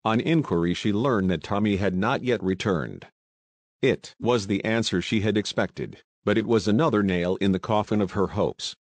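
Low-voiced man reading an audiobook. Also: moderate pace, no room sound. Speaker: audiobook narrator. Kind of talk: scripted narration.

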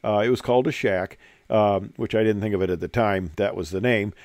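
An older man, a retired military pilot, gives an anecdotal presentation over slides, rambling through stories with lots of fillers. His fairly low, darkish voice is brisk with fairly even intonation, in a dry, studio-quality recording.

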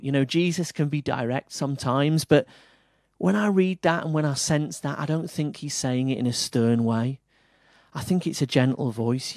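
This sermon comes from a pastor with an English accent whose voice sits on the high side. He speaks at a moderate pace, earnestly alternating strong emphasis with gentle, hushed lines, and there's no room sound.

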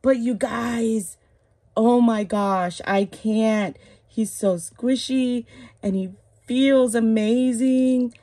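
A woman's voice: on the high side, steady tone, drawn-out words, warm tone. A woman vlogging casually at home, gushing and cooing as she bathes her dolls. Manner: gushing, cooing over dolls, keeps repeating "oh my goodness". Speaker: reborn doll collector vlogger. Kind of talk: casual vlog chat.

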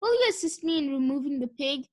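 A woman doing a brisk, formal police officer. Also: high voice, animated, darkish tone. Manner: brisk, formal, talks to himself.

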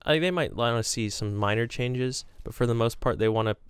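A young man talks casually to his camera, rambling and poking fun at himself as he tells stories. His voice is smooth and clear, and the sound is dry and close with no room echo. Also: mid-range voice, brisk. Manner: rambling, self-deprecating storytelling. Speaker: gaming vlogger. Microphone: camera with green screen.

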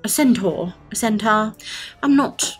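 A cursed centaur woman, once human, who stammers and apologizes her way through each sentence, as a woman puts her on. Her voice sits a little high, with soft fantasy music underneath. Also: unhurried, lightly acted. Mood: anxious, halting.

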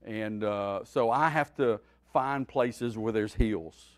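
A man, a pastor, teaching a Bible study in a folksy, animated preaching style that swings between loud and quiet. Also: lowish voice, slow pace.

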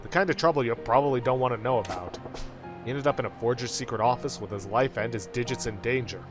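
A man's voice: medium pitch, fast talker, music in the background, close to an everyday voice. A man voicing a brash gangster who talks bluntly in a streetwise way, reading game lines aloud. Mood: lecturing.

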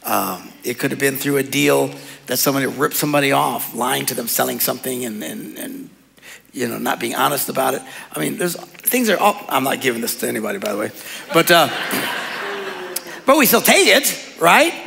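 Gravelly, bright-voiced pastor in a hall. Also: male voice, mid-range voice, fast talker. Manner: casual, joking, laughs often. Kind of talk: sermon. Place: church hall. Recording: long hall reverb.

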